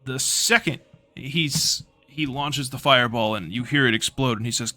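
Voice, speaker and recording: A man's voice: medium pitch, unhurried, sharp tone, no room sound. A man narrating a tabletop game as game master in a casual, loose way with frequent swearing. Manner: casual, swearing, hesitant fillers.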